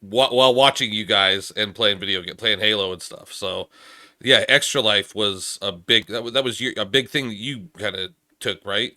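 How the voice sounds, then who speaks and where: A male podcast host with a bright, forward tone and a slightly low pitch. He talks easily and circles around his questions. The sound is dry and close-miked. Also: normal speed, dry recording. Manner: easygoing, rambling questions with restarts. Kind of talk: casual podcast chat.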